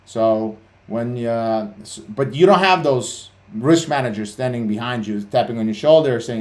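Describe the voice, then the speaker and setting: A man's voice: medium pitch, moderate pace, few pauses, a little mellow. A man hosting a trading livestream, talking bluntly and swearing a lot, with many fillers and restarts. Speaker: CEO and livestream host. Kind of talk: casual livestream talk.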